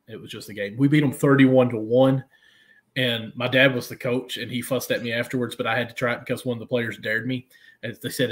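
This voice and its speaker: A young man co-hosting a casual sports chat, talking in a chatty way and laughing easily. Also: medium pitch. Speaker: podcast co-host.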